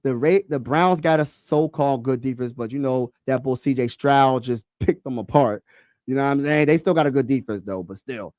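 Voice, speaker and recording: A man hosting a casual sports talk livestream, excitable and slangy, repeating himself and talking to his chat. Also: mid-range voice, normal speed, no room sound, clean studio sound.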